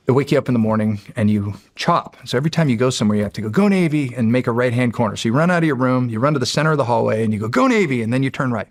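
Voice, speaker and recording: A middle-aged man, a podcast guest, telling a story in casual, animated fashion, often laughing and restarting his sentences. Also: mid-range voice, creaky. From United States. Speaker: podcast guest, former Navy SEAL.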